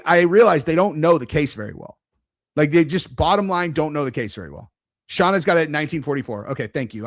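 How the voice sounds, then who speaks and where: A man live-streaming commentary in a rambling, animated, sarcastic way. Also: fairly high pitch, dry recording, clean studio sound.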